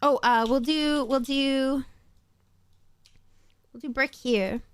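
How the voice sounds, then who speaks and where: A woman chatting casually while playing a game on stream, rambling through quick asides and laughing often. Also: high-pitched, steady tone, clear, resonant tone. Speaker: VTuber streamer. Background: faint background music.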